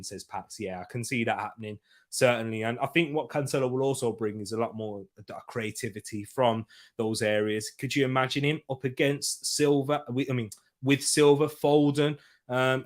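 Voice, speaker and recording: A young man with a mid-range voice runs his own football channel, giving a casual match reaction. He's chatty and jokey, and he reads out comments from viewers.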